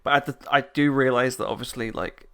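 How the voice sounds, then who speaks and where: A man's voice: medium pitch, fairly even intonation, brisk, pushed and bright. A man co-hosting a podcast in casual chat, rambling, restarting his sentences and laughing often. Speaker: podcast co-host.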